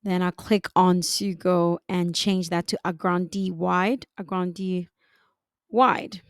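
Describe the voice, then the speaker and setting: A woman giving a calm, step-by-step software design tutorial, talking through each click. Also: fairly low pitch, unhurried, smooth, no echo, clean studio sound. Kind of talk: screen-recorded software tutorial.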